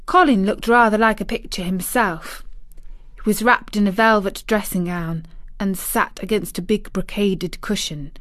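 A woman reading a classic novel aloud as scripted narration, in a measured, even way. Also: mid-range voice, no room sound, clean studio sound. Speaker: audiobook reader.

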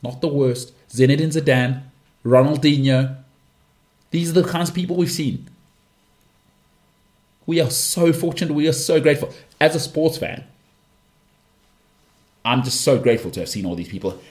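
A man's voice: mid-range voice, a little mellow. A man hosting a casual solo podcast, talking in a chatty, rambling way and acting out imagined people. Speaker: podcast host.

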